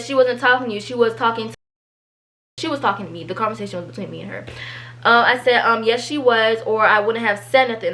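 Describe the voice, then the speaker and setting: A teenage girl, telling a storytime vlog and reading out an argument, animated and exasperated. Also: fairly high pitch. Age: teens. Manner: animated, exasperated, quick asides. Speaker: vlogger.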